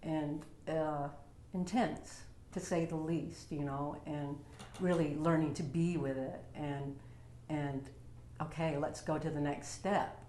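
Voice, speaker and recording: A woman's voice: low-pitched, fairly even intonation, takes it slowly, dark tone, a little hiss or hum. A woman at home telling her personal story in a casual, heartfelt and rambling way, full of fillers. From Utah. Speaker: vlogger sharing a personal story. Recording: roomy echo.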